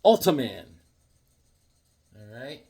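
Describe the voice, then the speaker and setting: A man's voice: mid-range voice, sing-song, slow, creaky, dark tone. Rambling, enthusiastic man showing comics. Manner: rambling, enthusiastic, restarts and filler words. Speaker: comic book reviewer. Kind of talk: casual comic book show-and-tell.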